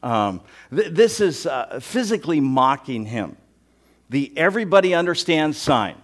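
A man preaching a sermon in a church, animated and jokey, acting out mocking voices as he reads scripture. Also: fairly high pitch, measured pace. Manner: animated, acts out mocking voices, joking asides. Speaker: pastor.

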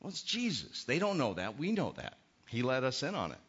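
Lively preacher man, muffled lo-fi audio. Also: medium pitch, a little fast, husky. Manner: animated, acts out quoted voices. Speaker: pastor. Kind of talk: sermon. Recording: muffled lo-fi sermon recording.

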